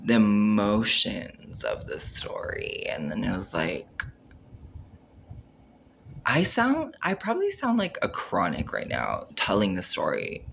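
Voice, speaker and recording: A man's voice: medium pitch, creaky, fairly bright tone, a little hiss or hum. A man rambling through a casual monologue on camera, full of filler words, acting out his own reactions and trailing off mid-sentence. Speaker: vlogger.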